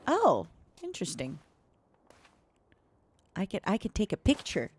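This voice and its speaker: A woman streamer chatting softly and casually with her viewers while gaming, giggling often and slipping into French. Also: mid-range voice, huge pitch swings, unhurried, husky. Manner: switches between English and French. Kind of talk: soft-spoken casual chat while gaming.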